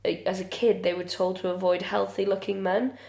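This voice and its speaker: A woman's voice: mid-range voice, fairly even intonation, fairly quick, creaky, darkish tone. Sweary woman with roomy echo. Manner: frank, sweary, dry. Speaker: podcast co-host. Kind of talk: casual comedic chat.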